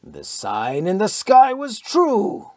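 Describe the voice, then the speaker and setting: A man's voice: very animated, unhurried, breathy edge, dry recording, studio quality, exaggerated voice. A man voicing a brooding fanatic Norseman. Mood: exultant. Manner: low, muttering, hushed half-whispers. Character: giant fanatical Norwegian man, brooding prophet. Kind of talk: audiobook character voice.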